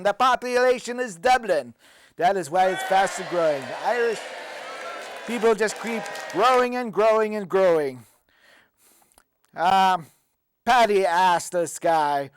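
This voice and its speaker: A man's voice: sits high, clear, resonant tone, no echo. A man playing a boastful, proud male leprechaun who calls himself a wrestling champ, hamming it up in a comedic character sketch. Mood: joking. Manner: joking, proud and hammy. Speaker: comedy host.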